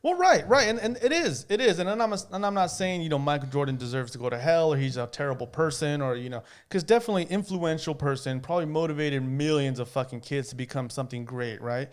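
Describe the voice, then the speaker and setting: Male podcast co-host, smooth clear voice, a touch high, talks in circles, agrees a lot. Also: fast talker, few pauses. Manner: hesitant, agreeable, lots of "right, right" and restarts. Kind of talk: casual chat.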